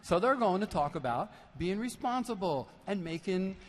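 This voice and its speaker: Between songs, a male percussionist chats with a concert crowd over a stage mic, spinning stories with lively, playful asides. His voice is high-pitched and moves at a moderate pace. It's a live recording in a big basketball arena turned concert hall, with long reverb and faint noise.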